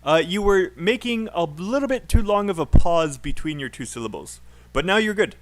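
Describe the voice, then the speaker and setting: Guy teacher giving pronunciation tips over a video call, kinda high voice, upbeat, laughs a lot. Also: animated, normal speed. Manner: encouraging, laughs often, corrects pronunciation. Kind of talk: live online class feedback.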